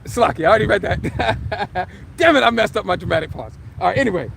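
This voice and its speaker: A man giving a live religious teaching as a street preacher, emphatic, firing rhetorical questions and shouting scripture for drama. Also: very high voice, animated, a little fast, creaky, a little hiss or hum.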